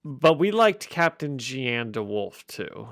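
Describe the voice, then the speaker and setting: A man's voice: medium pitch, very animated, slow, fairly bright tone, dry recording, studio quality. A man hosting a podcast, casually recapping a comic with jokes and frequent laughs. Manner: jokey, laughs often while recapping. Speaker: podcast host. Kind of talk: casual chat.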